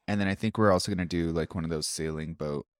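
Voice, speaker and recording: A man's voice: deep voice, fast talker, dry recording, studio quality. A man in his thirties, a podcast producer chatting casually with the host. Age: 30s. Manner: chatty, laughing, lively. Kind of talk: casual chat.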